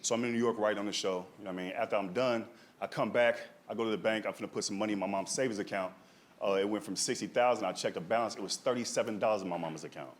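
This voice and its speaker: A young man doing stand-up, telling a family story in a lively way and tagging his lines with "right?" and "dog". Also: lowish voice, rapid-fire. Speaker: stand-up comedian. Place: comedy stage.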